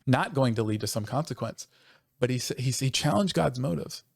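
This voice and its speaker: Earnest, passionate pastor talking. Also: male voice, medium pitch, animated, gravelly, no room sound, studio quality. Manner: earnest and passionate, quickening when stirred, with self-interrupting restarts. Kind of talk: conversational church podcast discussion.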